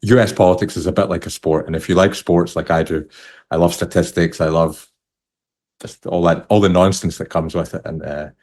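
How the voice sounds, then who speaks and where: A man's voice: deep voice, steady tone, a little fast, a little mellow. A man from the United Kingdom hosting a casual podcast interview, rambling and restarting his sentences. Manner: rambling, self-interrupting, chuckles often. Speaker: podcast host.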